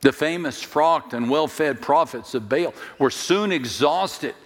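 Pastor, male, slow and dramatic sermon delivery, slightly high voice, long hall reverb. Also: fairly bright tone. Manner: dramatic storytelling with jokes and direct appeals.

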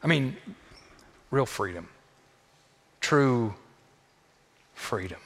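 A man preaches a sermon in a church, his voice at an ordinary middle pitch. He leans on repetition and swings between near-hushed phrases and loud, urgent refrains. A long reverb from a big hall trails every line. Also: lively intonation, extremely slow, slightly rough. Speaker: pastor. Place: church sanctuary. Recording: long echo of a large hall.

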